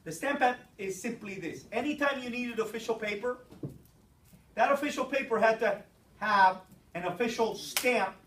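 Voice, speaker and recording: A teacher giving a brisk classroom lecture, explaining step by step and checking in with the students. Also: mid-range voice, animated, a bit bright, slight background noise. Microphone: distant room mic. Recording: echoey classroom from far off.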